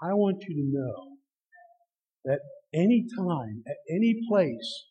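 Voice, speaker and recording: High-voiced pastor in a reverberant hall. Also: male voice, big pitch swings, takes it slowly, warm tone, lo-fi sound. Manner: storytelling with acted-out dialogue and chuckles. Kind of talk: sermon.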